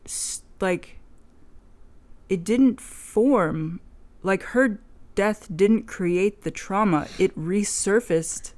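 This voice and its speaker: A young woman in relaxed conversation. She rambles, restarts, fills her speech with "like", and swears without thinking about it. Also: mid-range voice. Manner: rambling, swears a lot, many "like" fillers. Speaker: vlogger. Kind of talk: casual chat.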